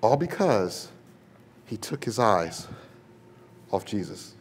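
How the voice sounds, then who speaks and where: A man's voice: fairly low pitch, very animated, slow pace, a little hiss or hum. A male pastor preaching a sermon to a congregation in a church, mixing humor, slang and rhetorical questions into his storytelling. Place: church sanctuary with a live congregation.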